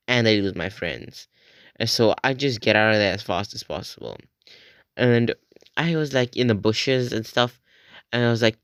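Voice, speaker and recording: A teenage boy with a lowish voice tells a rambling story straight into a close mic, swearing freely. The sound is dry and close, with no room around it. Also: a bit bright, clear, resonant tone, no echo. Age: teens. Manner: rambling, swearing, acts out quoted friends in a raised voice. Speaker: vlogger. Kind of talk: casual storytelling.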